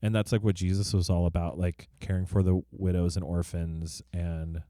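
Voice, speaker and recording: Low-voiced young man telling a story. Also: normal speed, dry recording, studio quality. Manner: animated storyteller, acts out quoted voices. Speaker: podcast host. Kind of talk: casual chat. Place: podcast studio. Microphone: studio mic.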